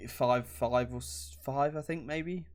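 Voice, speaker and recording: A man's voice: mid-range voice, takes it slowly. A young British man co-hosting a casual gaming podcast, rambling and laughing often. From Britain. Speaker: podcast co-host.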